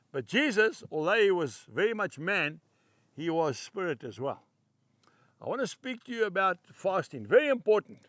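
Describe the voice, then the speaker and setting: A man preaching a devotional sermon, emphatic and slowing down to read scripture aloud. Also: high voice, pushed and bright, no room sound.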